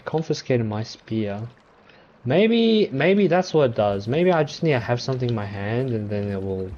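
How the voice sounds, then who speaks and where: A man giving gameplay commentary, reacting loudly and talking to the creatures he meets on screen. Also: medium pitch, muffled recording. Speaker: gameplay streamer.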